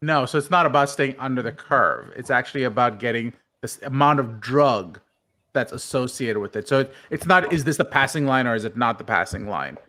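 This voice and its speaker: A man with a bright, forceful voice explains a point in a casual group chat. He jokes at his own expense along the way. His pitch sits in an ordinary middle range. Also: expressive, brisk. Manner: explanatory, self-deprecating. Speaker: host.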